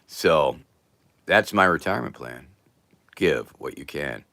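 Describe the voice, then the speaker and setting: A man chats through a casual livestream, greeting viewers by name and tossing off dry quips. His pitch swings widely while he keeps an unhurried pace. The sound is close and dead, with no room echo. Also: lively intonation, gravelly, pushed and bright. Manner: reads viewer names aloud with dry jokes. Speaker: livestream host.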